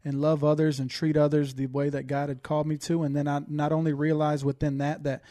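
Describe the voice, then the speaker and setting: A man's voice: fairly high pitch, flat delivery, fairly quick, dark tone, no room sound, studio quality. A man co-hosting a faith-based recovery podcast who backs up his partner with short, affirming interjections.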